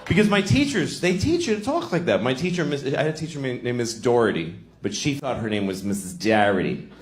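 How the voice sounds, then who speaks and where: Profane ranting comedian. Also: male voice, mid-range voice, sing-song, brisk. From Boston. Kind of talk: stand-up comedy. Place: comedy club stage. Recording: roomy club with audience laughter.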